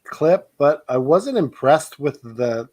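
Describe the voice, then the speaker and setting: Higher-voiced man, playful podcast banter. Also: expressive, takes it slowly, dark tone. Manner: playful, teasing, laughs a lot. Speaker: podcast co-host. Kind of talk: casual chat.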